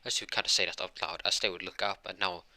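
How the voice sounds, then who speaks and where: A man's voice: low voice, flat delivery, quick pace, sharp tone, no room sound. A young man improvising a fan-fiction story aloud, rambling with many restarts and self-corrections.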